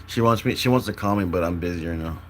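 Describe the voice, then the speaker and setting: A man's voice: low voice, fast talker, a little hiss or hum. A young man chatting casually on a livestream, rambling and tired, filling his talk with "like" and restarts.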